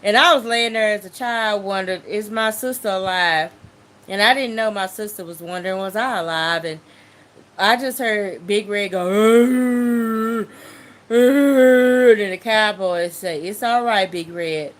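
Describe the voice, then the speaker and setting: Woman telling a lively testimony. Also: medium pitch, normal speed. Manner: animated storytelling, acts out voices and sounds. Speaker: testimony speaker. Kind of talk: personal testimony storytelling.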